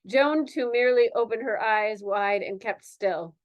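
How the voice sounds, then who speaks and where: A woman's voice: fairly high pitch, measured pace, muffled recording. A woman reading a novel aloud, giggling and stopping now and then to comment on her own reading. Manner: laughs often, breaks off to comment. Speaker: reader.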